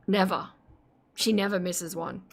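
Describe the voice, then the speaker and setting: A woman's voice: fairly low pitch, steady tone, a little slow, creaky, slight background noise. A woman hosting a live stream, chatting casually with giggles and self-mocking asides.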